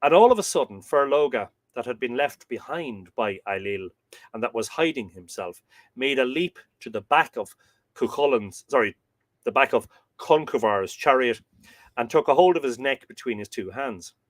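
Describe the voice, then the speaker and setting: A man reads an old myth aloud on his live show, his voice at an everyday middle pitch. The sound is dry and close, with no room echo. He shifts easily from measured reading into relaxed, hesitant asides. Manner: reads aloud, then breaks off into chatty, halting asides. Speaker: podcast host reading myths.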